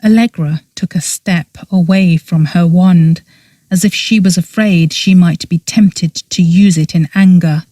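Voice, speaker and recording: Casting: woman audiobook narrator, unhurried, measured, dry close sound. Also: lowish voice, steady tone, mellow, no echo. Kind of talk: scripted narration.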